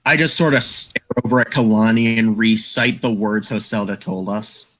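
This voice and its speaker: Husky, hesitant man at the game table. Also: fairly low pitch, normal speed, a bit bright. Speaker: player. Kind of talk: casual tabletop play.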